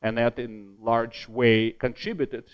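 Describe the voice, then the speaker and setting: A man delivering a conference keynote in an ordinary mid-range voice. He talks in a lively way, repeats words to drive a point home, and drops in wry, self-deprecating jokes. The tone stays that of an academic lecture. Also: mid-range voice, slow, smooth, dull audio. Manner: lively, self-deprecating asides, emphatic repetition. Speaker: keynote speaker.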